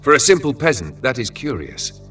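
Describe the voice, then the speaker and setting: A relentless male inquisitor speaks in a cold, clipped way, as a man reads him. The tone is bright and forceful and sits fairly low. It sounds a little distant, with faint music underneath. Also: normal speed.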